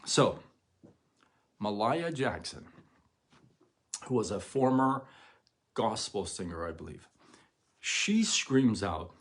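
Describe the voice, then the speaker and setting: A man's voice: fairly low pitch, very animated, slow, long pauses, husky. A man hosting a livestream, retelling a story with tearful emphasis and a stutter that grows when he is moved. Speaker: livestream host. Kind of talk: emotional livestream monologue.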